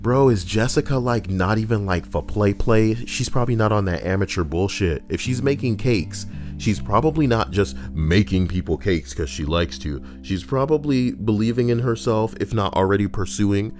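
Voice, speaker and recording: A man's voice: lowish voice, expressive, normal speed, hardly any pauses, a little mellow, soft background music. A young man reading Reddit posts and riffing on them in a crude, joking, rambling way. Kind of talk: casual commentary.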